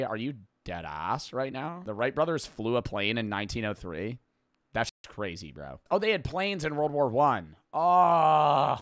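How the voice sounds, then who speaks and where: A young man streaming a game, chatting casually, thinking out loud and swearing often. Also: medium pitch, no echo, clean studio sound. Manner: excitable, profane, thinking out loud. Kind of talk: casual live-stream gameplay commentary.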